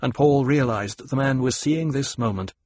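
A man reading a novel aloud in a measured, even narrating manner. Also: mid-range voice. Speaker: audiobook narrator. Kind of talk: scripted narration.

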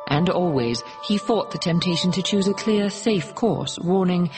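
Very low-voiced woman reading calmly. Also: unhurried, over music. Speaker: audiobook narrator. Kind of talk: scripted narration.

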